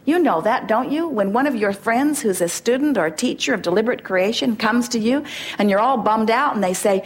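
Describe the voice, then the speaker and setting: A woman's voice: a little high, expressive, a little fast. A middle-aged woman addresses a gathering with an inspirational talk. She is emphatic and playful, slipping into short acted dialogues to drive her points home. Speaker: spiritual teacher.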